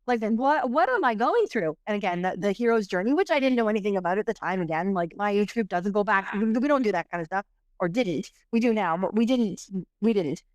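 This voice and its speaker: Animated, rambling middle-aged woman storyteller. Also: medium pitch, a little fast, dry recording, clean studio sound. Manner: animated, rambling, full of restarts and "like". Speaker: podcast guest. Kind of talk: personal storytelling in a conversation.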